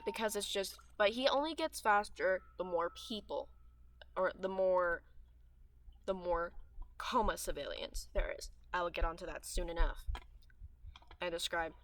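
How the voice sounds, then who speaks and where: A teenage girl rambling through gameplay chat in a bright, clear voice. Her throat is dry and sore, and she smacks her lips as she hops between thoughts with fillers and restarts. The sound is close and dry, with no room around it. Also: on the low side, no room sound. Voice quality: dry mouth with audible lip smacking. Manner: chatty and meandering, with frequent fillers and trailing restarts. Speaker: gaming streamer.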